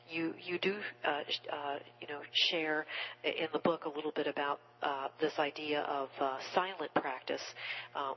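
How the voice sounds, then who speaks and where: Low-voiced woman hosting a radio interview. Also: dull audio, slight background noise. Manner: halting questions with fillers. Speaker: interview host.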